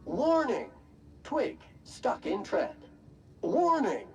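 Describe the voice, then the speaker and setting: A woman voicing a calm in-game computer narrator, reading out facts and warnings in a matter-of-fact announcer delivery for a video game. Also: medium pitch, very slow, vocal fry, soft background music, exaggerated voice. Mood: informative.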